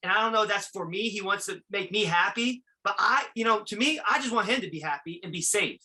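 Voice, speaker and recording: Halting father with a bright, high voice. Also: low-quality recording. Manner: halting, searching for words. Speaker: father of a young rider. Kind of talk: asking questions in casual talk.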